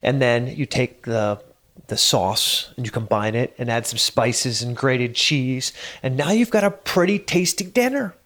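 A man's voice: medium pitch, a little slow, a bit bright. A middle-aged man hosting his own podcast, telling a story in a loose, conversational way with small chuckles and hesitations. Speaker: podcast host. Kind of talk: solo podcast monologue. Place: home studio.

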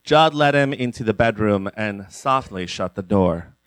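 Deadpan man reading comic story. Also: fairly low pitch, unhurried, dry recording. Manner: deadpan, breaks into laughter. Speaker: narrator.

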